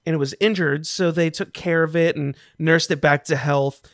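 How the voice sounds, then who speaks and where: A man's voice: a little high, fairly even intonation, moderate pace, dry recording, clean studio sound. A man narrating as game master, in a loose manner with fillers.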